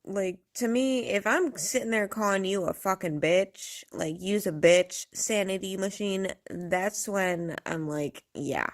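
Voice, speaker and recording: A woman's voice: medium pitch, measured pace, few pauses. A woman vlogger ranting casually to camera, blunt and profane, rambling and laughing often.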